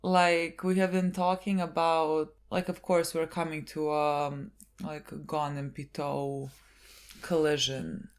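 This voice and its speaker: Rambling woman reacting to anime. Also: deep voice. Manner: rambling, many fillers and restarts. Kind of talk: casual reaction chat.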